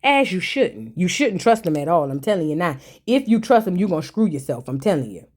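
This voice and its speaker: A woman's voice: fairly low pitch, very animated, fairly quick, darkish tone. A woman hosting a casual recap of a reality show, sassy and slangy, with chatty asides to her viewers.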